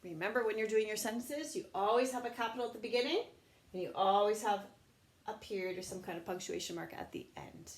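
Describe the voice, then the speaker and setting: A woman teaching young children in an online lesson, slow and patient, sounding words out in a sing-song teacher voice. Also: mid-range voice, a little hiss or hum.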